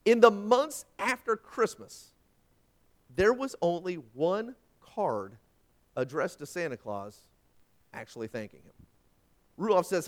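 A male pastor delivering a sermon in a high, lively voice that leaps across his range. He swings from loud emphasis to a hushed near-whisper and drops in folksy asides to the congregation.

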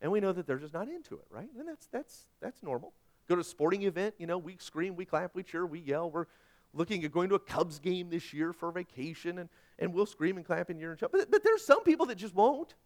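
A middle-aged man preaching a sermon as pastor, animated and self-deprecating, swinging between loud asides and hushed points. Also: high voice, brisk.

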